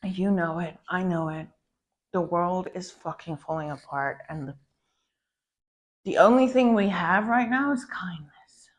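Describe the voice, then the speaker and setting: A woman's voice: lowish voice, measured pace, long pauses. A woman content creator venting in a POV girlfriend role-play, swearing often and calling the listener babe. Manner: profane, ranting, calls the listener babe.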